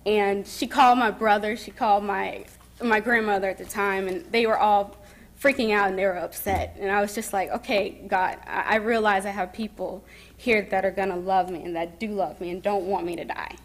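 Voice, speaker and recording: Soft-spoken young woman giving testimony. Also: medium pitch, fairly even intonation. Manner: soft-spoken and emotional, pausing and restarting. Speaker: speaker telling her story. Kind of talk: personal testimony speech. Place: summit event.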